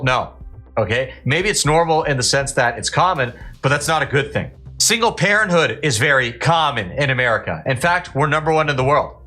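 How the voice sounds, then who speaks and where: A man's voice: fairly high pitch, sharp tone. A man hosting a political commentary show, talking in a blunt, indignant and sarcastic way.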